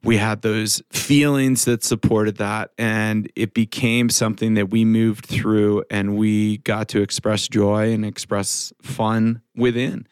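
A man with a fairly low voice chatting on a podcast. He talks in an encouraging, reflective way. The sound is close and dry, with no room echo. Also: flat delivery, slow, few pauses, clean tone. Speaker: podcast co-host. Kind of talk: casual roundtable chat.

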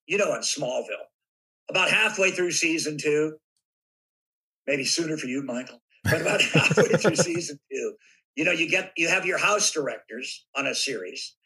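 An older man from Southern California, a guest actor telling animated stories in a podcast interview and acting out voices now and then. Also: medium pitch, breathy edge, poor audio. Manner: animated anecdotes with acted-out voices.

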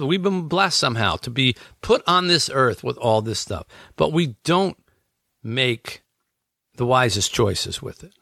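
A man's voice: fairly high pitch, creaky, pushed and bright, no echo, studio quality. A man talking as an author about his book, in an earnest, reflective conversation that he fills with everyday examples.

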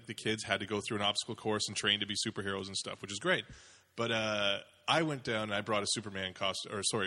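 Fast, bright-voiced man telling a story. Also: fairly low pitch. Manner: animated, laughing storyteller. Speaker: podcast co-host. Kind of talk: casual chat, storytelling.

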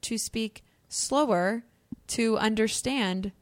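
A woman co-hosting a podcast in casual chat, animated and jokey. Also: a little high, takes it slowly, no room sound. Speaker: podcast co-host.

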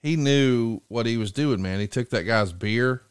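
A man hosting a podcast in casual chat, retelling stories with lively jumps in voice when quoting others. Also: medium pitch, a little slow, clear, resonant tone, no room sound, studio quality. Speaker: podcast host.

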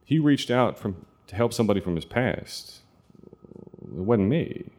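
A man telling a true personal story in an earnest, confessional way, with halting restarts. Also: lowish voice, sing-song, a little mellow.

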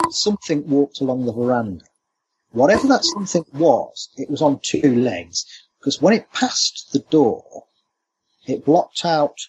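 A man recounts his experiences with animated storytelling flair. His voice sits at an ordinary pitch but comes through a dull, lo-fi line with a faint hiss of noise and ambience behind it. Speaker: cryptozoologist guest. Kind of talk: storytelling interview.

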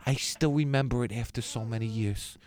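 A man's voice: mid-range voice, fairly quick, a little hiss or hum. A man in casual chat, telling comic stories and laughing often. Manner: animated, laughing storyteller. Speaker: podcast co-host.

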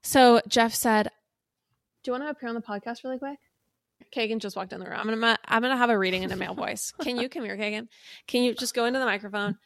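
A woman's voice: on the high side, quick pace, creaky, no room sound. A young woman co-hosting a podcast, telling a gossip story with playful teasing and theatrical emphasis. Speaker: podcast co-host. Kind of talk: casual chat, storytelling gossip.

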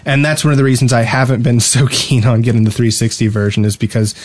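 A man's voice: mid-range voice, level tone, fast talker, a little mellow, no echo. A man co-hosting a casual gaming podcast, chatty and laughing often as he talks. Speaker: podcast co-host.

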